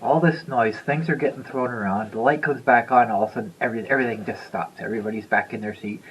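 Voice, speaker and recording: A man's voice: mid-range voice, fast, hardly any pauses, muffled recording, a little hiss or hum. A man in his fifties telling a story to the camera in a loose, rambling way, chuckling and repeating himself. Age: 50s. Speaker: vlogger. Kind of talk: casual storytelling.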